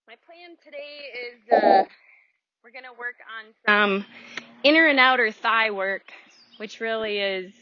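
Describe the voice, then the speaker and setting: A woman teaching a yoga class, calmly cueing breaths and movements with some ums and uhs. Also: on the high side. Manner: calm, cueing breath and movement, with filler words. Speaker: yoga instructor. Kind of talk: guided yoga class instruction. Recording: dull, dry lo-fi sound.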